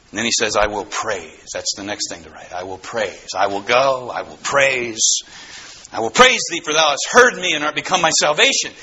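A man preaching a sermon, swinging between soaring exclamations and hushed low asides. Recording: slightly dull, faintly noisy recording.

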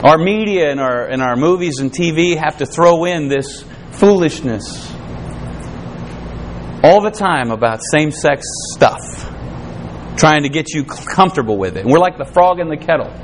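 High-voiced man preaching. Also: animated, normal speed, a little hiss or hum. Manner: preaching, often in a raised voice, acting out quoted voices. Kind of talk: sermon.

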